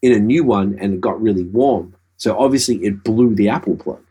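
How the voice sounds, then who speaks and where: A man's voice: fairly low pitch, brisk, dark tone, breathy edge. A man co-hosting a podcast, telling rambling, profane stories in casual chat. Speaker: podcast co-host.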